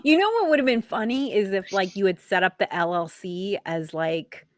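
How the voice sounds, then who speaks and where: A woman's voice: medium pitch, lively intonation, moderate pace, no echo. A woman hosting a comedy show, chatting casually and teasing her guest. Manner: playful, teasing, laughs often. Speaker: comedy show host interviewer. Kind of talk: casual interview chat.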